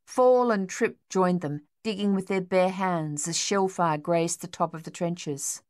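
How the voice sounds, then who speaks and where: A woman narrates an audiobook from a script, reading in a steady, measured way with a fairly low voice. The recording is dry and close, with no room sound.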